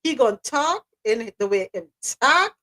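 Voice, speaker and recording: A woman hosting a casual live radio show, animated and laughing often, slipping into patois asides. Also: a little high, a little slow.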